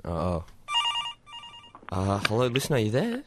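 A man co-hosting a comedy show, talking in a mock-excited, exaggerated way. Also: fairly low pitch, normal speed, very noisy. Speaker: comedy podcast co-host. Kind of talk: comedic improvised chat.

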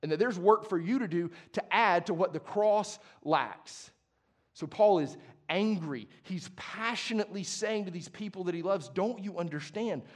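A young adult man preaching a sermon as pastor, conversational and passionate, moving from hushed to emphatic. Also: high-pitched, moderate pace.

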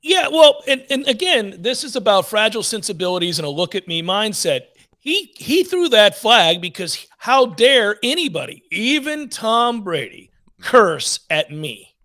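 Casting note: man, sports talk co-host, ranting and fired up, high voice that swings widely. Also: very animated, a little slow, bright, forceful tone. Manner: fired-up ranting, blunt and profane.

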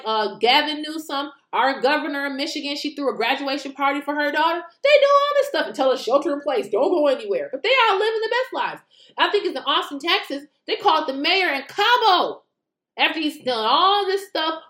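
An American woman giving casual political commentary, animated and indignant, firing off rhetorical questions with mocking asides. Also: high voice, fairly quick, reverberant.

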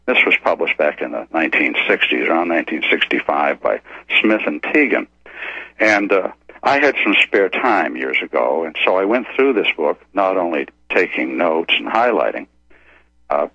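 A man's voice: low voice, sharp tone, husky, no room sound. An older man hosting a radio program, giving an emphatic, lecturing monologue with frequent asides like "okay?", on a dull, muffled radio recording. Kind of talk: opinionated monologue on economics.

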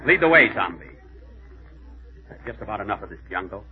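A man hosting and starring in a 1930s radio comedy sketch, with indignant, deadpan comic timing. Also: fairly low pitch, brisk, phone-quality sound. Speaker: comedian host. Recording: scratchy 1930s radio broadcast.

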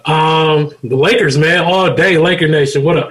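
A man's voice: on the high side, normal speed, a bit bright. A man co-hosting a casual sports podcast, hyped up and full of slang. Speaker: podcast co-host.

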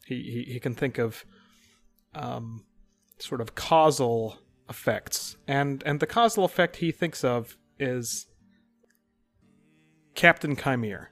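A man narrates his character's actions at a mid pitch, wandering through fillers and restarts. Faint music plays underneath. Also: slow pace. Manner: rambling with many fillers and restarts. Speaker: player.

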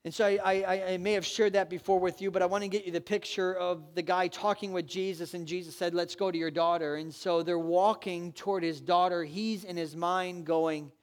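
A man's voice: sits high, steady tone, fairly quick, few pauses. A man preaching a sermon, retelling a story and urging his listeners on in an earnest, exhortative way. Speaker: pastor.

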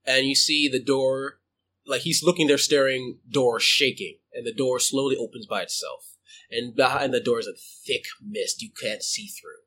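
A man running a tabletop game as game master, narrating in a halting way with many fillers and restarts. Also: medium pitch, sharp tone, breathy edge.

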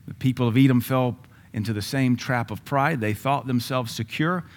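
A man's voice: medium pitch, normal speed. A male pastor giving a sermon in a conversational way, with sudden emphatic rises and asides.

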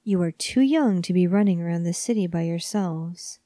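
A woman's voice: fairly low pitch, normal speed, mellow, dry recording, clean studio sound, natural voice. A woman voicing a thin, stern aunt who speaks formally and cryptically, with clipped sentences and no contractions.

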